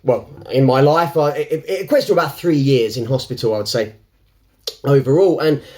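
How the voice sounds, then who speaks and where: A man's voice: medium pitch, moderate pace, darkish tone. A man talking to camera in an unscripted, reflective way. He rambles, restarts often and laughs between thoughts. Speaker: self-help vlogger.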